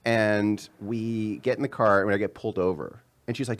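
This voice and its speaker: A man in his thirties, a comedian guest telling a story in casual chat and acting out the quotes. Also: moderate pace. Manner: animated storyteller, acts out quotes in a higher voice.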